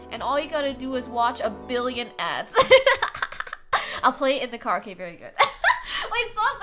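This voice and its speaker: Lively high-pitched young woman streamer. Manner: playful, dramatic, giggly, teasing. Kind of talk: casual live-stream chat with viewers.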